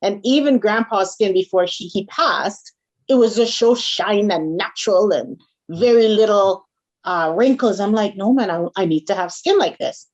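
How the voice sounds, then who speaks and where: A woman's voice: mid-range voice, normal speed, highs cut off. A woman from a Caribbean background, telling stories in a casual interview and often checking in with "right?". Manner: animated storyteller, frequent "right?" and "you got it". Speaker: guest, small food business owner.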